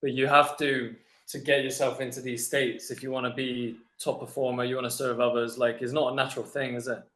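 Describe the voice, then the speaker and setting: A man's voice: medium pitch, little pitch movement, brisk, few pauses, fairly bright tone. A man in casual chat, mostly agreeing with short replies. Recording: roomy echo.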